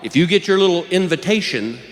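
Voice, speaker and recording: A man's voice: sits high, expressive, a little fast. A man performing a stand-up comedy routine, telling a story and acting out the people in it. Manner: storytelling, acting out courtroom characters. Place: large theater stage. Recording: live show, long hall reverb, audience noise. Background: audience laughter.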